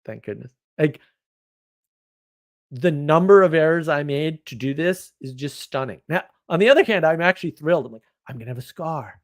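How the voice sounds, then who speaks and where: A man hosting a casual livestream, chatting and reacting to viewer comments in a rambling, opinionated way, often getting louder or dropping suddenly to a mutter. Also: on the high side, lively intonation. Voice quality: rambling, opinionated, quick shifts in loudness. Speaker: livestream host.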